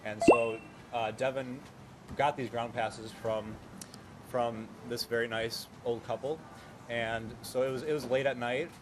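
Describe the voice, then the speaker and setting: A young man with a mid-pitched voice tells a travel story slowly, with lots of hesitant "uh"s. Clear background noise and passing traffic sit under his voice. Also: steady tone. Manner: measured, hesitant with many "uh"s. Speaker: hostel guest telling a story. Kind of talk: casual storytelling. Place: hostel common area. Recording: noisy background.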